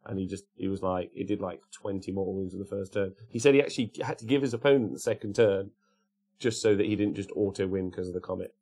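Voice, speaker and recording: A man with a low, dark, husky voice hosts a casual livestream, talking quickly. He rambles and chats, reading live comments and greeting viewers by name.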